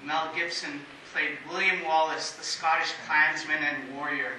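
A man preaches a sermon in a measured way, leaning on emphatic pauses. His voice sits high and sounds piercingly bright. It is recorded from a distance in a church that echoes heavily, with a faint hiss underneath. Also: steady tone. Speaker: pastor. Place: church sanctuary.

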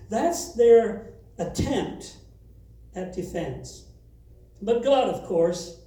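Pastor, man, high mellow voice, earnest sermon delivery, distant mic in a very echoey church hall. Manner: earnest preaching, reading scripture aloud with rising emphasis.

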